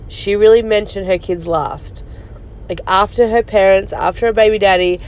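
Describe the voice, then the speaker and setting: A woman's voice: medium pitch, fairly even intonation, moderate pace, darkish tone. Snarky woman mocking a streamer. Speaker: commentary podcast host. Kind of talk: mocking reaction commentary.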